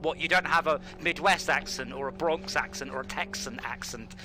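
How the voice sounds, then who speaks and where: A British man hosting a live sim-racing stream, chatting casually and bursting into loud shouts at other drivers. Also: a little high, moderate pace, over music. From Britain. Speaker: stream host and server admin.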